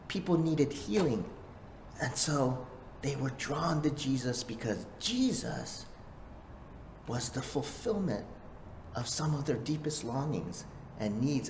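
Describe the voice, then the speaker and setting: A pastor delivers a sermon in slow, emphatic phrases and repeats key lines for weight. The voice rings in a roomy space, and faint noise sits under it. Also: medium pitch.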